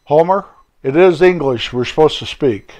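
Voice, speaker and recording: A man voicing a patient, sensible old country man who calmly corrects his friend. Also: a little high, moderate pace, natural voice. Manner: calm, gently correcting.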